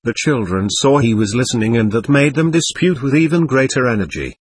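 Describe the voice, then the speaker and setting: A man reading a classic novel aloud as an audiobook narrator, in a measured, expressive storytelling manner. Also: medium pitch, husky, no echo. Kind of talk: scripted narration.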